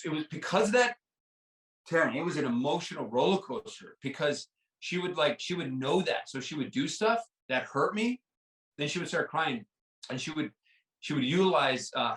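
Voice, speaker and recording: A man's voice: on the high side, lively intonation, normal speed, a bit bright, roomy sound, recorded from a distance, poor audio. A man guest in a podcast interview, earnestly telling a personal story and often repeating himself with fillers like "like" and "right?".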